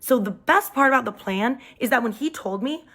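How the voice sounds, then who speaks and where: Young woman, casual storyteller, phone mic, lively delivery with pitch jumps. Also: a little fast.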